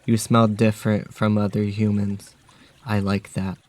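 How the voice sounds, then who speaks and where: A man voicing a huge menacing talking wolf, delivering threats in a flat, measured way. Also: lowish voice, natural voice.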